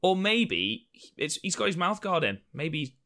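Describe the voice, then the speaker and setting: A man's voice: sits high, sing-song, a little slow, sharp tone. A man co-hosting a wrestling review podcast, chatty and jokey, swearing casually. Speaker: podcast co-host.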